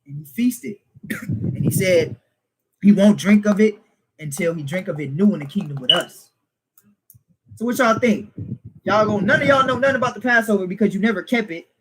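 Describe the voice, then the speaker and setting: A man's voice: high-pitched, animated, moderate pace, pauses often, husky, rough recording. A man preaching informally to a small group, emphatic and fond of rhetorical questions, laughing as he teases. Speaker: teacher.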